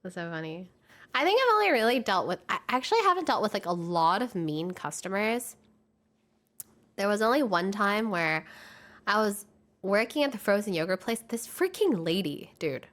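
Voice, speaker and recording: A woman's voice: mid-range voice, normal speed. Chatty young woman streamer telling stories. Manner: animated, laughing, slangy, acts out quoted voices. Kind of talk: casual storytelling chat.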